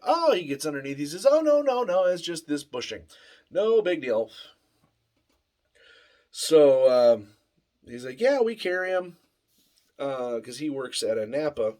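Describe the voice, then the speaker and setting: A man casually telling a rambling story in a workshop vlog, full of fillers and restarts. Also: mid-range voice. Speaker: vlogger. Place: home workshop.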